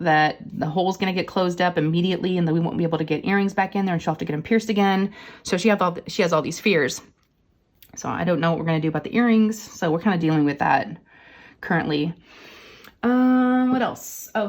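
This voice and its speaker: Woman rambling on while she crafts, chatty, kinda low voice. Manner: chatty, rambling storyteller addressing viewers as y'all. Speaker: crafting vlogger. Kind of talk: casual chat while diamond painting.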